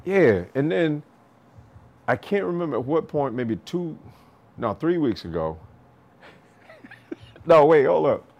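Lively, storytelling male boxing coach. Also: fairly high pitch, measured pace, long pauses, muffled recording. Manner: animated, laughs often, acts out other people's lines; swears freely, loose restarts. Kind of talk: casual storytelling podcast talk.

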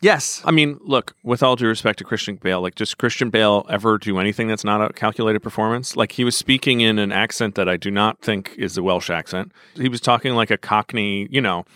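Bright, crisp-voiced man, emphatic. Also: lowish voice, fairly quick, few pauses, dry recording, studio quality. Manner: emphatic, wry, opinionated. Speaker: podcast co-host. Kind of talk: casual panel chat.

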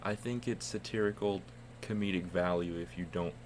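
A man's voice: low voice, steady tone, normal speed, slight background noise. A man from the United States co-hosting a casual podcast, telling rambling, profane stories. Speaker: podcast co-host.

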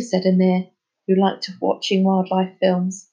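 A woman's voice: normal speed, slightly rough. A woman reading a children's storybook chapter aloud, lifting her voice for the characters' lines. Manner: lively, voices the children's lines higher and louder. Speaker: reader. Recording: slightly dull, lo-fi sound.

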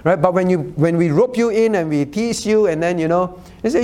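A male pastor preaching a sermon, originally a Cantonese speaker, talking in a teasing, animated way and often checking in with his listeners. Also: high voice, a little fast. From Cantonese-speaking Chinese community. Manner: animated, teasing asides with frequent "all right?" check-ins.

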